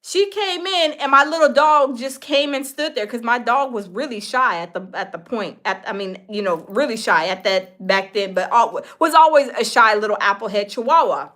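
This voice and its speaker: A woman's voice: fairly high pitch, animated, moderate pace, few pauses, fairly bright tone. A woman hosting a celebrity gossip commentary, chatty and talking straight to her viewers with lots of fillers. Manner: chatty, addresses viewers directly with many fillers. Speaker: host.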